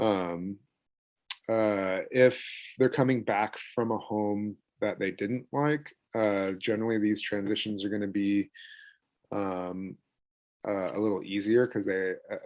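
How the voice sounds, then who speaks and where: A man with a fairly low voice talks through an online parent workshop over a video call. His delivery is loose and chatty, full of fillers, as he acts out the lines parents and kids might say. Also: creaky. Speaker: therapist leading a parent workshop. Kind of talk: casual online workshop talk.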